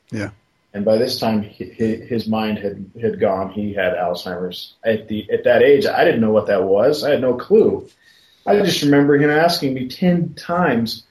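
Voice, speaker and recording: A man's voice: medium pitch, darkish tone. Folksy man telling stories in a roomy space. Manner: folksy, laughs through his stories. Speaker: podcast co-host. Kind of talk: casual storytelling. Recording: roomy echo.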